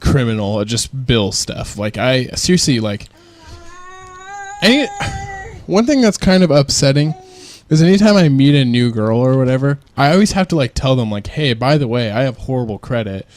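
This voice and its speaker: A man's voice: mid-range voice, expressive, moderate pace, a little mellow, slight background noise. A young man hosting a casual podcast, rambling and self-mocking, laughing often as he talks. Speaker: podcast host. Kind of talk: casual chat.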